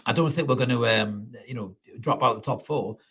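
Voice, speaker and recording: Football fan host, male, husky, casual and sweary, live reaction stream. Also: mid-range voice, a little fast, fairly bright tone. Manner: casual, sweary, reads out viewer comments.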